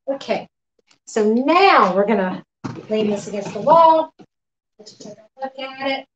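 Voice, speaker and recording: A woman running a live painting demo in her art studio, relaxed and often murmuring to herself as she works. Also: high voice, slow, long pauses, lo-fi sound. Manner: relaxed, talks to herself while working, often quiet and off-mic. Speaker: painting instructor.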